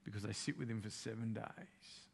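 A man's voice: on the low side, normal speed, creaky, a little hiss or hum. A man giving a sermon, retelling a story in plain, conversational language with everyday slang. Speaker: preacher.

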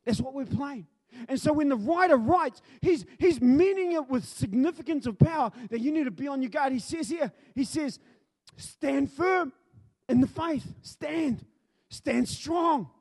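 A strikingly high-pitched man preaches. He tells his story with lots of animation, acts out each scene and breaks into loud bursts of shouting between quieter stretches. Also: animated, a little slow. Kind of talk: sermon.

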